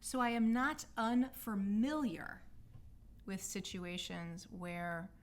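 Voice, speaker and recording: A woman with a slightly low-pitched voice tells a personal story in an unscripted, confessional way. She speaks loosely and reflectively, with frequent filler words, and she is openly apologetic about her past. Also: gravelly. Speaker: healing arts practitioner hosting a personal podcast. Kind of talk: candid personal storytelling monologue.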